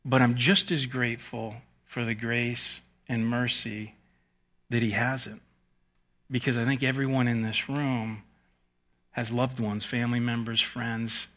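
A male pastor giving a teaching sermon to a congregation, his voice bright and forward. He talks informally, breaking off for small jokes at his own expense and restarting sentences as he thinks aloud. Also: medium pitch. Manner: conversational, joking asides, frequent restarts. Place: in front of a live congregation.

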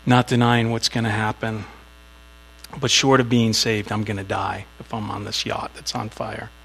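A man delivers a sermon with a gravelly, creaky edge to his voice. He speaks conversationally and slips into small acted asides while telling a story. A faint electrical hum sits behind the recording. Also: fairly low pitch, little pitch movement, moderate pace, a bit bright, poor audio. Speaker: pastor.

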